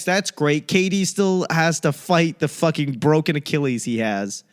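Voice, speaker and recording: A man's voice: mid-range voice, normal speed, few pauses, clean tone. A man from the United States, a comedian and podcast host, rambling through a solo monologue full of profane, ranting tangents and comic asides.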